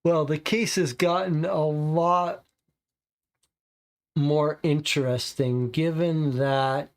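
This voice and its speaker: A player reading a detective case aloud and then slowly musing over the clues, with long drawn-out pauses. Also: medium pitch, fairly even intonation.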